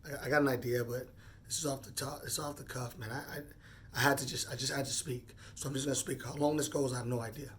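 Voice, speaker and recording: Gathering his thoughts aloud, a man in his forties delivers an earnest, halting personal vlog monologue off the cuff, repeating words often. He has a steady, mid-range voice with a fairly bright tone, plus a slight hiss or hum in the background.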